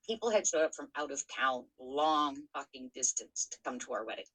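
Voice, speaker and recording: Podcast host, middle-aged woman, low pitch and a bright, forceful tone, frank and profane in her storytelling. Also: lively intonation, fairly quick, rough recording. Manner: frank, swears freely, many fillers and restarts. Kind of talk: candid personal storytelling.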